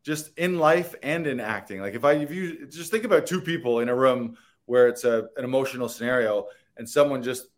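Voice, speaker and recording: A man's voice: mid-range voice, fairly quick, hardly any pauses. A man, an actor, talking in a rambling, earnest and playful way in a casual interview, laughing and swearing now and then. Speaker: actor guest.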